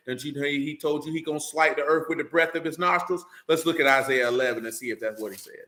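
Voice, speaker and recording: Man, preacher, bright voice, emphatic rhetorical sermon, roomy echo. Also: a little high, fast talker, hardly any pauses. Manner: preachy, repeats "man" and "you understand", rising to emphatic. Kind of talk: sermon with scripture reading.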